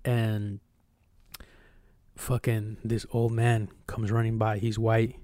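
A young man co-hosting a podcast, telling a long personal story in casual, profane, animated chat. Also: lowish voice, takes it slowly, dry recording. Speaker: podcast co-host.

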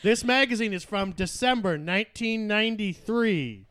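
High-voiced man, dry close recording. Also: expressive, normal speed, a bit bright, smooth, no echo. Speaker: podcast co-host. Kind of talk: casual chat with mock news segments.

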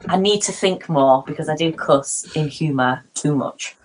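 A woman in her late twenties chatting casually, laughing often and becoming animated when she quotes herself. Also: low-pitched, moderate pace. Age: 20s. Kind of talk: casual chat.

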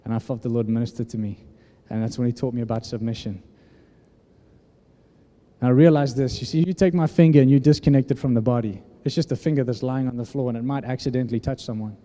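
A man in his thirties preaching a sermon, telling a story and acting out the dialogue with lively energy. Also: medium pitch, fast talker. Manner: animated storytelling, acts out dialogue. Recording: echoey hall reverb.

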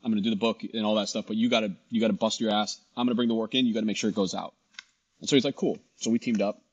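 Husky low-voiced man telling a story. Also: rapid-fire, highs cut off. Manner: animated, quotes people in dialogue, frequent restarts. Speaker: guest, shop founder. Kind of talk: casual storytelling interview.

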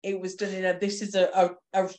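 A woman co-hosting a casual film podcast, chatting in an animated way with frequent restarts. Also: mid-range voice, fast. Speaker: podcast co-host. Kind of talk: casual chat.

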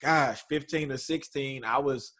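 A man in his thirties, a preacher, chatting as an interview guest. He tells stories about growing up in church with lively pacing and jumps into other people's voices for the quotes. His pitch sits right in the middle for a man. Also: unhurried. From East Texas. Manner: animated storyteller, acts out voices in quotes. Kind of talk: casual interview storytelling.

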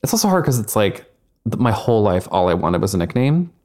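A man's voice: fairly low pitch, very animated, quick pace, a little mellow. Rambling chatty young man. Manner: chatty, rambling, heavy on fillers and swearing. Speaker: podcast co-host. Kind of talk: casual chat.

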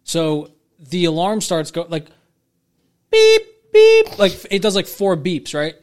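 A man co-hosts a casual podcast, swearing a lot as he tells stories and acts out the people he quotes. His voice is a little high and moves at normal speed.

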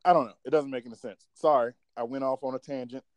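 A man's voice: mid-range voice, fairly even intonation, fast talker, a little mellow, no room sound. Frank, profane male co-host in his thirties, mid-range voice, dry close sound. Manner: frank, profane, lectures with mock quotes. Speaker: podcast co-host. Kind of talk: casual chat.

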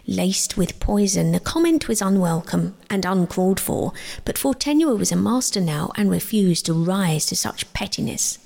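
A woman reading her own sleep story aloud, gentle and slow, often dropping into a whisper. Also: medium pitch, gravelly. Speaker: storyteller and author.

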